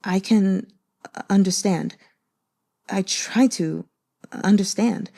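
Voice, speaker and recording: Woman voicing a halting, tearful broken young man. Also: sits high, creaky, dark tone, full character voice. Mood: pleading. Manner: halting, stammering short sentences. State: choked up, near crying.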